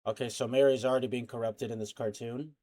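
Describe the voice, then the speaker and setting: A young man hosting a reaction video, talking casually and haltingly with lots of slang and filler. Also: medium pitch, fairly even intonation, music in the background.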